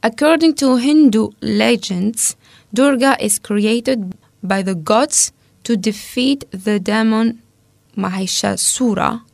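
A woman co-hosting a casual talk, reading researched notes aloud steadily and pausing over hard names. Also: fairly high pitch, gravelly, dry recording.

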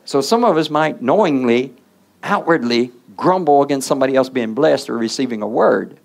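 A man's voice: medium pitch, animated, moderate pace, creaky, darkish tone. A man preaching a sermon in the role of a preacher, checking in with the congregation through call-and-response asides.

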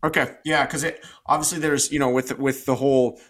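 This man co-hosts a podcast, chatting informally and thinking through ideas aloud with frequent false starts. His voice is mid-range and a bit bright, with fairly even intonation and a slightly fast pace.

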